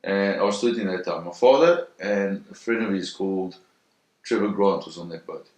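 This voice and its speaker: Low-voiced man telling a story in a roomy space. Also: normal speed, darkish tone. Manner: vivid, acts out sounds and voices in the story. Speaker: interviewee recounting a first-hand story. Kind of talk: animated storytelling. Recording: roomy echo.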